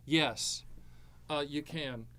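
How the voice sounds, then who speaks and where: A man's voice: a little high, extremely slow, fairly bright tone. A middle-aged man hosting a live Q&A as an annuity advisor, answering viewer questions with breezy, jokey salesman patter.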